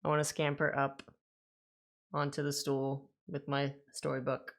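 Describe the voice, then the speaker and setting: A man's voice: medium pitch, completely flat delivery, gravelly, a bit bright. A man playing in a tabletop game, playful and giggly in casual chat. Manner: playful, giggly, quick asides. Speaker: player.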